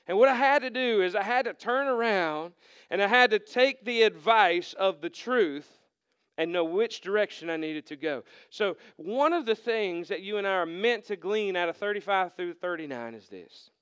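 A man's voice: high voice, fairly bright tone, clean tone, no room sound, clean studio sound. A man preaching a sermon to a congregation in a church, in a conversational storytelling way, often restarting his words. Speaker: pastor. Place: church hall before a congregation.

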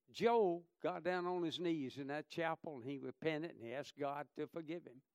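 High-pitched fervent preacher man. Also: moderate pace, no room sound, studio quality. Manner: fervent preaching that drops into quiet storytelling. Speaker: pastor. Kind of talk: sermon.

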